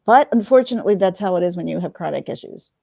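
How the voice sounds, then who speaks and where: A woman's voice: fairly low pitch, lively intonation, fast talker, gravelly, mellow, dry recording, muffled recording. A woman in her forties talking candidly to camera, teary at times and swearing freely. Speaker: vlogger. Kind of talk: emotional confessional talk to camera.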